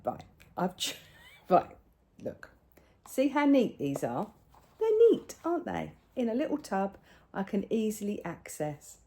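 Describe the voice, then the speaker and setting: An older woman, chatting casually at home as a crafting vlogger, rambling, with soft hushed asides. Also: medium pitch, big pitch swings, a little slow. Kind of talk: casual chat showing crafts.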